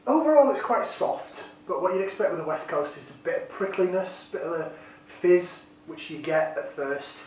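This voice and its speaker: A man casually reviewing a beer, enthusiastic and rambling, deliberately keeping his voice down, recorded on a camera's built-in microphone. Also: on the high side, fairly even intonation. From United Kingdom. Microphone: built-in camera mic. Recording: very echoey room, distant mic, faint noise.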